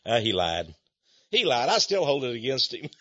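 A man's voice: mid-range voice, huge pitch swings, moderate pace, bright, forceful tone, lo-fi sound. An older man from Texas, hosting a radio talk program in a folksy, rambling way that builds to angry emphasis. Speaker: radio host.

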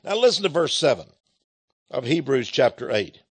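A man's voice: mid-range voice, big pitch swings, moderate pace, slightly rough, dry recording. A man preaching a sermon in a folksy, chuckling way, telling a personal story and calling his listeners his friends.

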